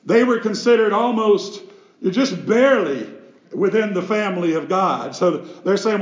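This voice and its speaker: A man's voice: sits high, animated, a little slow, roomy sound, muffled recording. A man, a pastor, preaching a sermon with emphatic delivery and rhetorical questions.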